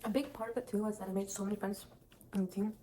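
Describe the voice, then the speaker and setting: A teenage girl rambles through casual advice in a chatty, meandering way, circling back on herself often. Her pitch stays fairly level, with little rise and fall. The recording is roomy and echoey, with clear background noise underneath. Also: steady tone, fast talker, dark tone. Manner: rambling, chatty, many restarts and "like" fillers. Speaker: vlogger.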